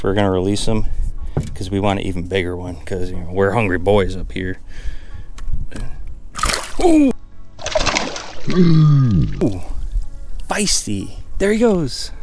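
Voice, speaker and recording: A young man talking casually from a small boat, his voice sitting a little low. He gets excitable and loud when something bites. Faint music plays under him. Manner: excitable, exclaims loudly when fish bite. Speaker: fishing vlogger. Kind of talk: casual outdoor fishing narration. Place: small boat on the water outdoors.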